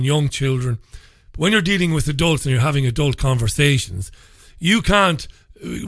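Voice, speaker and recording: A man's voice: on the high side, a bit bright, no room sound. A man from England, hosting a talk radio show from a studio and speaking in an opinionated, conversational way. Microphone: studio microphone.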